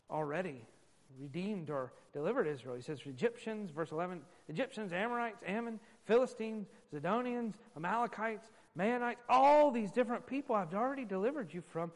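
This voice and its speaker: High-voiced man preaching in a reverberant hall. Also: animated, normal speed. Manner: emphatic preaching, swinging from loud stresses to hushed asides. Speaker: pastor. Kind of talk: sermon.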